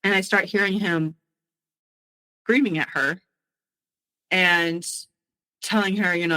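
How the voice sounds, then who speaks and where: A woman with a bright, forceful voice recounts a painful memory in halting, emotional bursts. She restarts her sentences often as she goes back over the night. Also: on the low side, steady tone, poor audio. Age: adult. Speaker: guest sharing her story. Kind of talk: personal storytelling.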